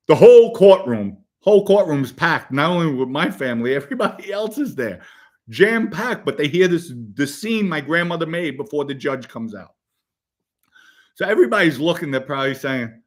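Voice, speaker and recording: A man's voice: mid-range voice, normal speed. A middle-aged man casually telling a story from his own past and acting out the other people in it. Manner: animated, acts out other people's voices. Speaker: former mob associate telling his story.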